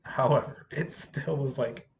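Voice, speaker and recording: A substitute teacher with a hoarse voice from yelling, telling stories in a casual vlog and acting out what others said. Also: medium pitch, unhurried, background noise. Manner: animated, acts out what others said.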